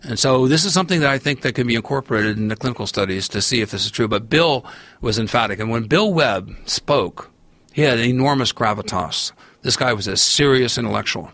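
Gravelly middle-aged man telling a story. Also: mid-range voice, brisk, no room sound. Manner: rambling, animated storyteller who acts out quoted voices. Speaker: podcast guest. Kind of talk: storytelling in a long-form interview.

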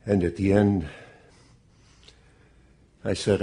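A man with a very low, gravelly voice and a dark, husky tone tells his story. He speaks slowly, earnest and measured, like a grieving father giving testimony. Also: steady tone. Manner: slow, measured, deeply earnest.

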